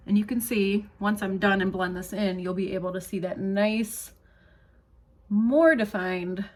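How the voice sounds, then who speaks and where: A woman talking through a makeup tutorial in a casual, reassuring way, often checking in with the viewer. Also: medium pitch. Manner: chatty, reassuring, checks in with "okay?". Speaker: makeup demonstrator.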